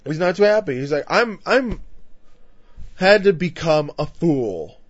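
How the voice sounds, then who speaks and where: A man's voice: fairly high pitch, expressive, a little slow, dry recording. A man delivers a conversational sermon, his slightly raised voice growing more emphatic as he runs through lists. The recording is muffled and lo-fi. It is also dry, with no room sound behind him. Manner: emphatic, climbing louder through lists, with frequent "you know" asides. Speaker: preacher. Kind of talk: conversational Bible-teaching sermon.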